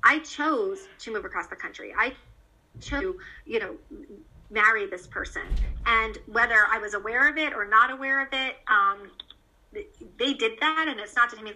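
A woman with a strikingly bright, forceful voice pitched a little high, talking candidly as an interview guest. She tells her story earnestly and with animation, stopping and restarting her sentences and filling pauses with ums and you-knows. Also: rough recording. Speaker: guest, parent of a child cancer survivor.

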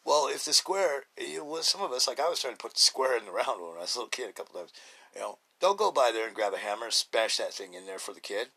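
A middle-aged man talks through his podcast in a loose, rambling monologue, blunt and full of fillers and restarts. His voice is bright and forceful, sitting at an ordinary pitch for a man. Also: very animated, fast talker, creaky, slightly rough. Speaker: podcast host. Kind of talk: casual monologue.

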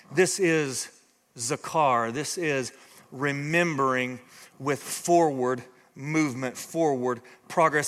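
A man delivering a sermon as pastor, speaking directly to the people in front of him. His voice sits high and sounds bright and forceful. A long hall reverb trails every phrase. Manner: lively preacher addressing the congregation directly.

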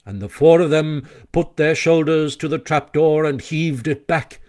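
A man reading a classic children's story aloud with expressive, animated narration. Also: a little high, unhurried. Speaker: audiobook narrator.

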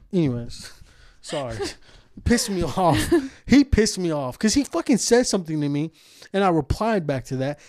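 A man's voice: fairly high pitch, a little mellow, no echo, studio quality. A man hosting a casual podcast, talking with heavy swearing and frequent laughter as he rants. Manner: profane, laughing, ranting. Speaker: podcast host.

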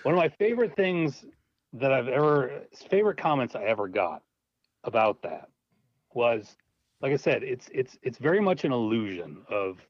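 In dull, dry lo-fi audio, a husky mid-range male voice belongs to a low-budget filmmaker being interviewed. He's animated and laughing, spinning a story casually and performing the different voices in it.

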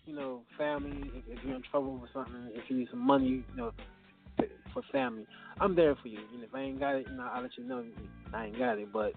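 A man's voice: high voice, very animated, quick pace, creaky. A man calling in to a radio show, talking in a friendly way and dropping lots of "you know what I mean" fillers. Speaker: caller and musician. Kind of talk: casual phone call. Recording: tinny phone line with faint music.

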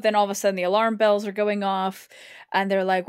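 A woman talking casually about a TV episode, animated and chatty, slipping into little acted-out quotes. Her voice is in the middle range for a woman. The sound is dry and close, with no room echo. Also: medium pitch, moderate pace, clean tone. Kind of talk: casual chat reviewing a TV episode.

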